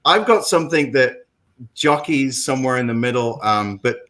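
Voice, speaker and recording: A man's voice: medium pitch, expressive, moderate pace, bright, forceful tone, low-quality recording. A middle-aged man with a London accent, telling his story as a guest in a casual chat, rambling with many fillers and restarts. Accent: London English. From England.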